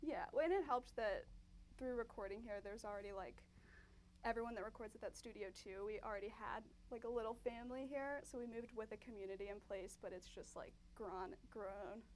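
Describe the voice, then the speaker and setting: A woman's voice: fairly high pitch, a little fast, a little hiss or hum, low-quality recording. A woman from a band chatting casually in an interview, talking loosely with many fillers and small jokes.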